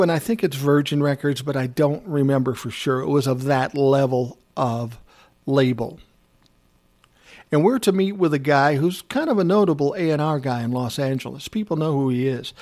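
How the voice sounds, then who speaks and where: A man who once managed a music artist, telling a personal story in a casual, blunt, conversational way. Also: a little high. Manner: conversational, blunt, swears freely.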